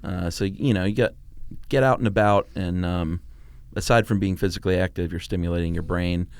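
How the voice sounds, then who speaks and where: Middle-aged male podcast co-host, easygoing and chatty, low voice, dry studio sound. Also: fairly quick, a little mellow, clean tone, dry recording. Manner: easygoing, laughs often. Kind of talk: casual chat.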